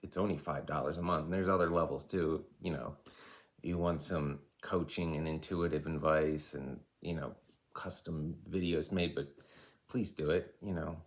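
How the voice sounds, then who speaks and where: A man's voice: extremely low pitch, fairly even intonation, normal speed. A man in his forties giving an impassioned, rambling rant straight to camera, with side remarks along the way. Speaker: vlogger and life coach.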